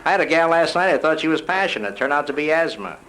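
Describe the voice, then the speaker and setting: A man doing live stand-up comedy, rattling off rapid-fire one-liners with punchy delivery. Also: fairly high pitch, expressive, a bit bright, low-quality recording. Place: live nightclub show. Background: music.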